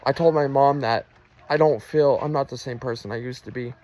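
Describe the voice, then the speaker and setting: A man's voice: medium pitch, a little fast, darkish tone, rough recording. A man telling his personal faith testimony in an earnest, emotional way. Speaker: Christian testimony vlogger.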